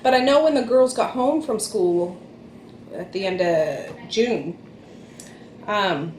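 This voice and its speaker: A woman's voice: mid-range voice, lively intonation, takes it slowly, darkish tone, slight background noise. A middle-aged woman, a mother chatting casually to camera at home in a rambling way, restarting her phrases. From Nova Scotia, Canada. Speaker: vlog host and mother. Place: home, indoors, with small children around. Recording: echoey room.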